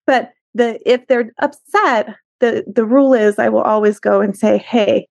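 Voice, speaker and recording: A woman's voice: fairly high pitch, fairly even intonation, normal speed, vocal fry, darkish tone, no room sound, clean studio sound. A middle-aged woman therapist, a guest on the show, telling a tender family story in an earnest conversational way. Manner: tender, earnest, acts out quoted voices.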